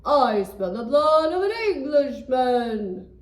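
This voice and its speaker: A woman voicing a huge, hungry, menacing male giant who booms out shouted chants. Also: lively intonation, slow. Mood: bellowing. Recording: roomy, distant from the mic.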